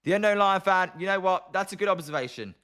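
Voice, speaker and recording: Fast-talking young British man. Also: high-pitched, lively intonation, pushed and bright. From Britain. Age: young adult. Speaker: live stream host. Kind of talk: live watch-along commentary and chat replies.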